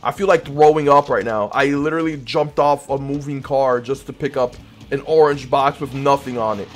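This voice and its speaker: A man chatting playfully with teammates during an online shooter, teasing and swinging between loud excitement and low mumbling. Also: normal speed, faint music behind. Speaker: gamer streaming with random teammates. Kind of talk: casual game commentary to teammates.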